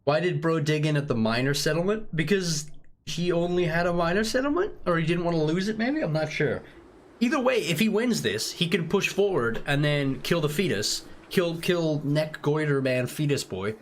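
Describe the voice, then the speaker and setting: A man's voice: a little high, expressive, normal speed. A British man live-streaming a strategy game, rambling and joking with chat while giving tactics. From United Kingdom. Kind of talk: casual live-stream commentary.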